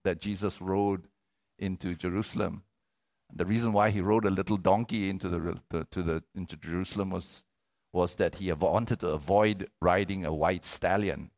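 A middle-aged male pastor preaching a sermon, animated, repeating words and asking for amens. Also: low-pitched, moderate pace.

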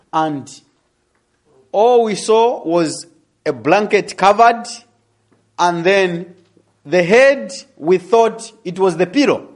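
A young adult man telling a testimony in a sermon, animated and laughing as he tells the story. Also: a little high. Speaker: preacher.

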